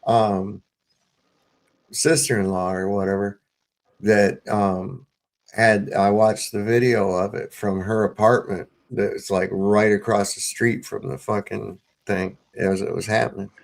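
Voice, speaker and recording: Host, male, gravelly voice, profane rambling storyteller on a home live stream. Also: lowish voice, level tone, unhurried. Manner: profane, rambling, with many fillers and restarts. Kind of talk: casual storytelling to a live panel.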